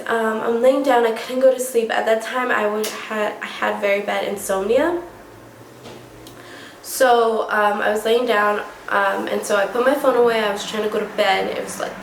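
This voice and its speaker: A young woman vlogger telling a story casually and excitably, full of "like" and "oh my gosh". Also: on the high side, a little hiss or hum. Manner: excitable, many fillers like "like" and "oh my gosh". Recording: echoey room.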